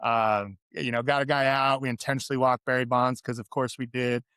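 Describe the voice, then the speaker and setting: A middle-aged man from California, a podcast guest and former pro athlete, telling candid stories in an animated, chatty way. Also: medium pitch, a little fast, smooth, dry recording, studio quality. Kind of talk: interview storytelling.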